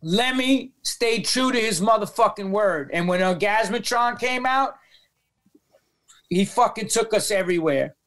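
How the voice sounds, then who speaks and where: A man with a New York accent telling profane, animated stories as a podcast guest, acting out the voices of people he quotes. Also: sits high, a little slow. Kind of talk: storytelling in a podcast interview.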